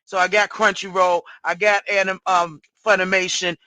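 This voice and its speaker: A woman's voice: on the low side, level tone, moderate pace, sharp tone, no echo, poor audio. A middle-aged woman hosting a casual livestream, blunt and cussing freely. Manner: blunt, salty, cussing and exasperated. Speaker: livestream host.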